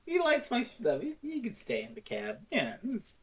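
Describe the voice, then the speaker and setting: A woman co-hosting a casual review podcast, animated and swearing freely, acting out characters as she talks. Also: on the high side, moderate pace, breathy edge. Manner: animated, acts out characters in exaggerated voices. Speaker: podcast co-host.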